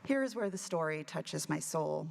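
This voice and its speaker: A woman minister giving a sermon, telling a story in a relaxed, conversational way with touches of humor. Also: low voice, moderate pace, gravelly. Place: church sanctuary. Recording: church hall with long reverb.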